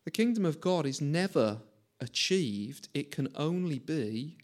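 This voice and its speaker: A man's voice: fairly high pitch, expressive, unhurried. A man in his forties preaching a conversational sermon, chatty and self-mocking, often asking the listeners questions.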